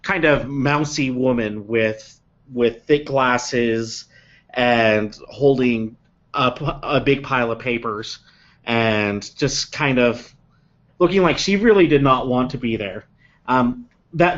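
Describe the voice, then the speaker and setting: A man narrating a tabletop game as game master, unhurried and halting, filling pauses with ums. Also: mid-range voice, highs cut off.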